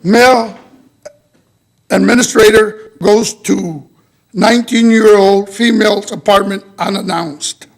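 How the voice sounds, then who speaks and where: A man's voice: high voice, a little slow. A man speaking in public comment at a school board meeting, listing complaints in short clipped statements.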